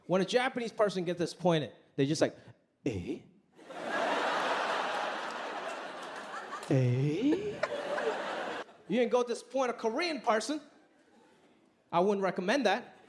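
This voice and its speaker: A man's voice: sits high, brisk, heavy background noise. A man doing a stand-up comedy set in a club, telling stories with a punchy delivery. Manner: animated storytelling, punchy delivery. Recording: live club set with laughing audience.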